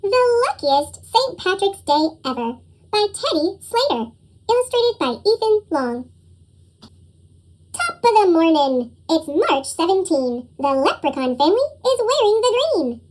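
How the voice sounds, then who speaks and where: A woman reads a children's storybook aloud with lively expression. Her voice runs through a chipmunk pitch shift, very high and bouncy, with a wide, sing-song swing. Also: measured pace. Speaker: storybook reader.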